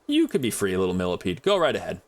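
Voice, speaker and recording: Speaking quickly in a deep voice with huge pitch swings, a monolingual English speaker streams a survival game. He rambles chattily to viewers and addresses the game's items in casual commentary.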